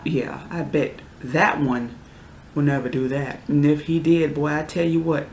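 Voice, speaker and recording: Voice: mid-range voice, steady tone, measured pace, darkish tone, slight background noise. A vlogger in their twenties delivering a heated, exasperated rant with sudden outbursts in a casual vlog. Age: 20s. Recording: roomy echo.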